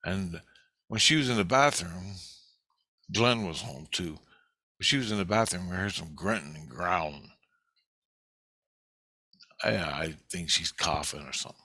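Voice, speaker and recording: A man's voice: deep voice, a little slow, long pauses, bright, forceful tone, dry recording. A man telling a rambling personal story in a casual, profane way.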